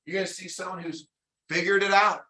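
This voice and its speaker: Guy running a real estate sales training, punchy and animated, bright tense voice a bit high. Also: fairly quick. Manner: energetic, emphatic, acts out quoted dialogues. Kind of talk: motivational training talk. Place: training session.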